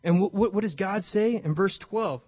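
A man preaching a sermon to a live congregation in a conversational way, often checking in with his listeners and building to loud, emphatic peaks. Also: sits high, moderate pace, husky. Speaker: pastor. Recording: dull lo-fi recording.

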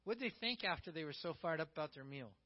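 A man's voice: fairly high pitch, animated, fast. A male pastor preaching a sermon in a conversational way, acting out the quotes he tells. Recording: dull, muffled recording.

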